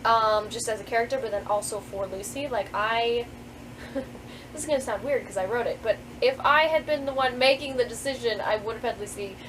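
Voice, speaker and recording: Giggly high-voiced woman. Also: fairly quick, noisy background. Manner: giggly, keeps breaking into laughter; chatty, with many fillers and restarts. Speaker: author reading aloud from her own book. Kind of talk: casual vlog chat and reading aloud.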